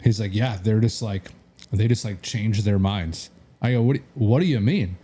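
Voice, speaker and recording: Low mellow-voiced man telling stories. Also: normal speed, breathy edge. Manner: rambling anecdotes acting out quoted dialogue, many fillers. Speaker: real estate agent and podcast co-host. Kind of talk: casual podcast storytelling.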